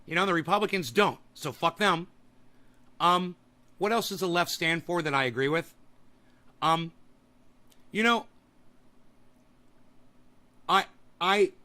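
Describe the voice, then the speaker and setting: A man hosting a political podcast, ranting profanely and breaking into shouts. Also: a little high. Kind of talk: angry political rant.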